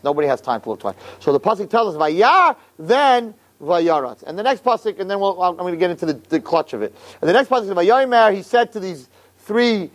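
A man teaching boys the weekly Torah portion in an impassioned sermon, firing rhetorical questions and swinging from low murmurs to loud, high exclamations.

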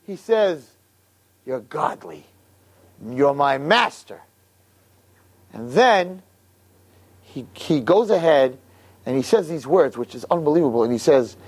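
A man teaching boys the weekly Torah portion in an impassioned sermon, firing rhetorical questions and swinging from low murmurs to loud, high exclamations.

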